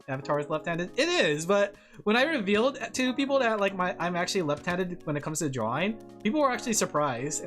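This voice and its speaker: Woman VTuber on a casual drawing stream, lowish voice, very animated intonation, chatty and giggly over background music. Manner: giggly, chatty, talking to chat. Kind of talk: casual livestream chat while drawing.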